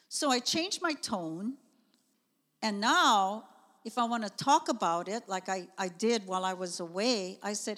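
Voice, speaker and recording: A middle-aged woman, preaching a sermon in a conversational, animated way with chatty asides. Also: mid-range voice, unhurried. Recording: long reverb of a church hall.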